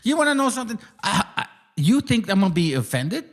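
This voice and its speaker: A man's voice: sits high, very animated, fast. A man hosting his channel, delivering a combative, profane and mocking livestream rant. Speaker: channel host.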